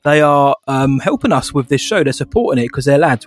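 A man's voice: mid-range voice, animated, a little fast, hardly any pauses, faint music behind. Breezy man co-hosting a podcast. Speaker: podcast co-host. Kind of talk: casual chat, reading a sponsor spot.

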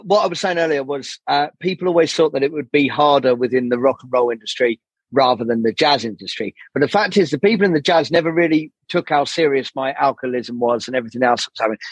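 A man talks with a husky, slightly high voice, drifting from one tangent to the next and swearing freely. He slips into the voices of the people he quotes. The recording is dry and close. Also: animated, quick pace, no room sound. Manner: swears a lot, rambling, acts out quoted people. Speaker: podcast guest, jazz saxophonist. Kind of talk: candid podcast conversation.

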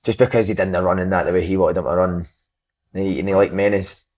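A man's voice: low voice, steady tone, fast, crowd noise. A man co-hosting a casual football podcast, swearing freely and telling dressing-room anecdotes. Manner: laddish, swears, tells anecdotes. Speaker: podcast co-host.

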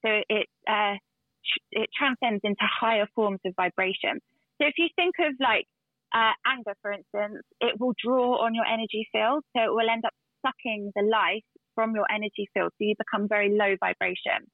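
A woman's voice: medium pitch, normal speed, no echo. Earnest woman guest on a remote call, thin phone-line audio, lots of fillers. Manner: earnest, storytelling with restarts and fillers. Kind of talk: casual chat. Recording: dry tinny phone-like line.

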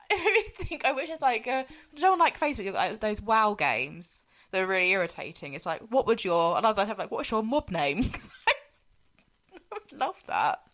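Woman, mid-pitched voice, giggly and keen, chatting about a movie. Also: big pitch swings, moderate pace, fairly bright tone. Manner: giggly, enthusiastic. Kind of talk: casual chat recapping a film.

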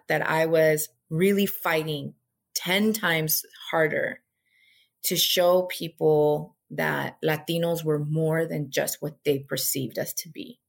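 A middle-aged woman and former radio host, talking earnestly and reflectively as an interview guest, with frequent "you know" asides. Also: deep voice. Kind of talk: casual interview conversation.

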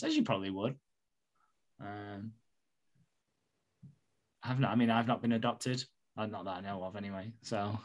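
Rambling man recapping a soap. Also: lowish voice. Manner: rambling, swears, laughs often. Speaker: podcast host. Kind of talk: casual chat recapping a soap.

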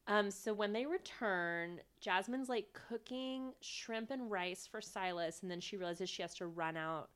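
Animated woman recapping with a laugh. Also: medium pitch, unhurried, hardly any pauses, clean tone. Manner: animated, laughs often, acts out quotes. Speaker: podcast co-host. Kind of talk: casual recap chat.

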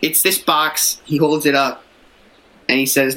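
A man's voice: on the high side, flat delivery, unhurried, sharp tone, poor audio. A man playing a tabletop game, matter-of-fact as he describes his moves. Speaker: player. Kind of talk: casual tabletop play.

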